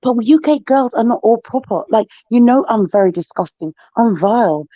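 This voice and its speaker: A woman's voice: fairly high pitch, animated, normal speed, dark tone, no room sound, muffled recording. A woman from the United Kingdom with a Jamaican patois accent, a guest on a stream who chats in a blunt, bawdy, teasing way. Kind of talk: casual chat.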